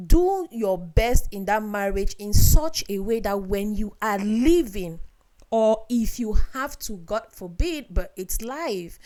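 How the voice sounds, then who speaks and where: A woman's voice: mid-range voice, darkish tone. Young woman vlogger, earnest and direct, lecturing viewers like a big sister. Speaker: vlogger giving relationship advice. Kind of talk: casual advice monologue.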